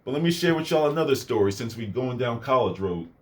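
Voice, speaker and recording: A man's voice: mid-range voice, animated, fast. A young man casually telling a personal story in a rambling way, full of fillers and asides. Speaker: vlogger.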